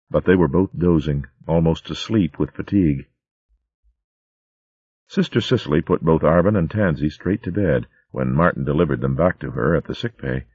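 A man with a very low voice reads a storybook aloud, steady and vivid. The recording is dry and close, with a slightly dulled, lo-fi top. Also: slightly rough, no echo. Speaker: narrator. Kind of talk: storybook narration.

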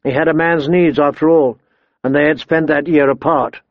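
A man reading a fantasy novel aloud in measured, steady narration, quietly voicing the characters' dialogue. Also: on the high side, no room sound, highs cut off. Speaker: audiobook narrator.

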